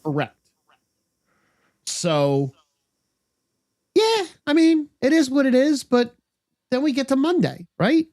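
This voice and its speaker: A podcast co-host recapping in blunt, lively casual chat. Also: sits high, slow pace, long pauses.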